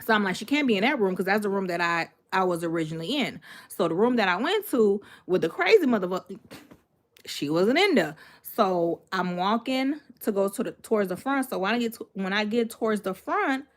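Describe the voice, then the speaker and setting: A woman vlogger with a medium-pitched voice talks briskly as she casually shares a personal story with her viewers. She's animated and emphatic, repeating phrases and breaking off for asides.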